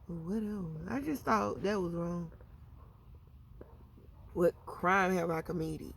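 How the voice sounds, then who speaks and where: A woman telling a story in a casual storytime vlog, animated and slangy. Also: lowish voice, slow pace, creaky, long pauses, a little hiss or hum. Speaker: vlogger.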